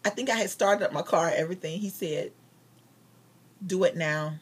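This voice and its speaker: Woman, husky lowish voice, chatty testimony, acts out every voice in the story. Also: quick pace. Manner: animated retelling with quoted dialogue. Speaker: vlogger sharing a testimony. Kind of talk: casual storytelling.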